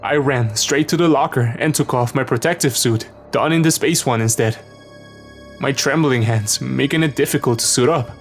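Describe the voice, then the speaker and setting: A man's voice: medium pitch, normal speed. A man narrating a horror story in a tense, dramatic scripted reading. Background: background music.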